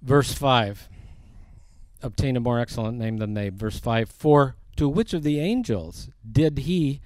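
A man's voice: mid-range voice, animated, darkish tone, dry recording. A man teaching a sermon verse by verse, reading scripture aloud and rising in force on the quoted lines. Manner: slow, deliberate, rising for emphasis on quoted scripture. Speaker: preacher.

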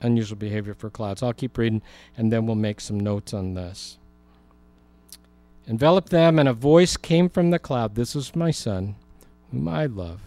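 A man's voice: medium pitch, normal speed, dark tone, faint music behind. A man preaching a Bible teaching sermon in a conversational way, with humorous asides. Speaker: pastor.

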